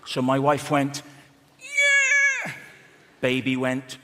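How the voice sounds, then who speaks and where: A man from Wales telling a long story on a theatre stage, slow and dramatic. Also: a little high, big pitch swings, long reverb tail, very noisy. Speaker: stand-up comedian. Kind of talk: stand-up storytelling.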